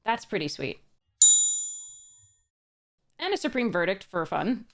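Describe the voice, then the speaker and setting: A woman's voice: medium pitch, sing-song, measured pace, slight background noise. A woman talks through a card box opening in a casual, unscripted way. She reads the card text aloud in a mid-range voice and chuckles often. She trips over her words and starts sentences again. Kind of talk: casual unboxing narration.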